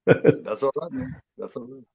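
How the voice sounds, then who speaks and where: A man chatting casually during a movie watchalong, rambling and halting with lots of fillers and restarts. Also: mid-range voice, lively intonation, breathy edge, muffled recording. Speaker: guest co-host.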